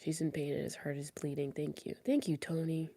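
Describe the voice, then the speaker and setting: A woman livestreaming while crying, reading and answering chat in a soft, halting voice that often sinks to a whisper. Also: sits low, little pitch movement. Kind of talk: tearful live stream chat.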